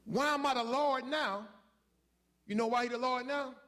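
A man's voice: very high voice, moderate pace, bright, forceful tone. A man preaching a sermon, emphatic and folksy, calling out to the congregation and pushing for responses.

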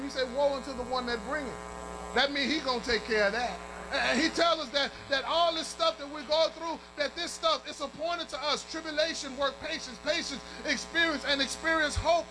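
A man preaching a fervent sermon, chanting and shouting to his congregation and calling for amens. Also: very high voice, background noise. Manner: calls out to the congregation.

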